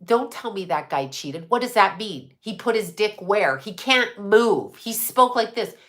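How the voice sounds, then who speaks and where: Bright-voiced woman ranting on a livestream. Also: medium pitch, lively intonation, measured pace. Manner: rambling, conspiratorial, swears, answers chat. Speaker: livestream host. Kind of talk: casual livestream chat. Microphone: desk microphone.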